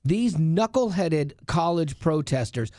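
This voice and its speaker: A man's voice: a little high, expressive, takes it slowly, dark tone, no echo, clean studio sound. A married man co-hosting a talk show, telling stories casually and ranting with passion. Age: adult, married. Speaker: radio show co-host. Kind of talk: casual studio banter.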